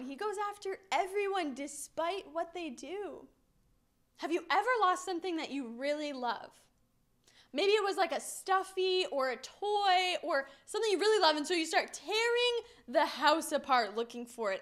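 A young woman giving a children's message, telling stories to kids in an animated, playful way. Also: high-pitched. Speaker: children's minister.

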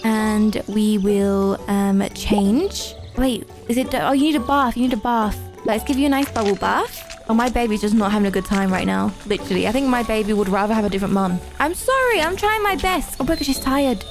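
A young woman narrating a game she plays, flustered and rapid, jumping up high when she panics and putting on fake crying. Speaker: gaming YouTuber. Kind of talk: let's-play commentary. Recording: game music playing behind.

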